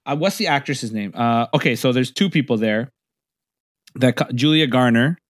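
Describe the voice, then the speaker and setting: A man's voice: medium pitch, normal speed, no room sound, studio quality. A man co-hosting a podcast, teasing his friend in profane banter. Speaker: podcast co-host. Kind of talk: casual chat.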